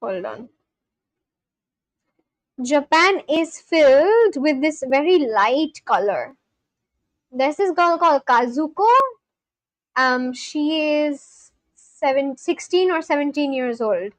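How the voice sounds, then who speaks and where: A woman's voice: high voice, animated, takes it slowly, pauses often, dry recording, rough recording. A young woman chatting casually on a livestream, gushing and exclaiming often as she reacts to viewers.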